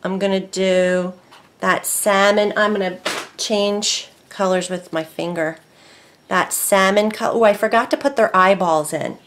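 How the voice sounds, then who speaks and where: Chatty excitable woman crafting. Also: mid-range voice, unhurried, a little hiss or hum. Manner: chatty, excitable, talks to herself while working. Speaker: craft video host. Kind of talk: casual crafting tutorial.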